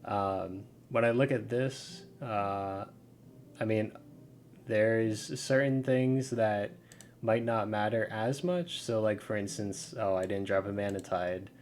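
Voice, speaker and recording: Casual low-voiced man walking through a tutorial. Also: slow pace, darkish tone, a little hiss or hum. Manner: casual, lots of fillers and "like". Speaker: video game guide creator. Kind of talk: casual screen-share tutorial.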